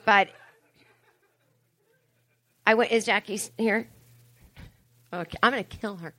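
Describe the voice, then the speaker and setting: A dry recording captures a woman in her forties, a comedian and podcast host, doing a live stand-up monologue before an audience. Unhurried and mid-range, her voice is bright and forceful as she chats, swears, mocks herself, and wanders into asides.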